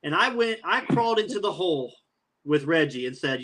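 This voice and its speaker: Trash-talking man, fairly high voice. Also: sing-song, a little fast, a bit bright. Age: 30s. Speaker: podcast co-host. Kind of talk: casual sports chat.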